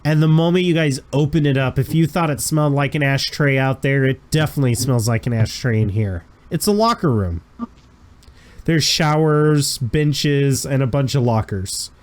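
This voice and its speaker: A man's voice: mid-range voice, moderate pace. A man running a tabletop role-playing game as game master, narrating scenes in a casual, descriptive way. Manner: casual, descriptive, chuckling asides.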